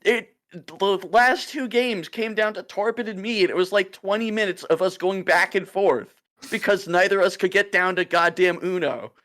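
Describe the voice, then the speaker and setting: A man's voice: high-pitched, moderate pace, fairly bright tone. A man co-hosting a game stream, joking boisterously and swearing freely in casual banter.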